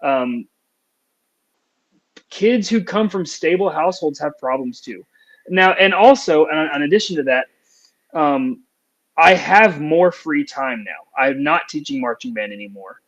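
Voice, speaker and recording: A man's voice: fairly high pitch, expressive, measured pace, fairly bright tone, dull audio. A young adult man, a music teacher, talking earnestly and reflectively in a casual podcast chat, with plenty of fillers.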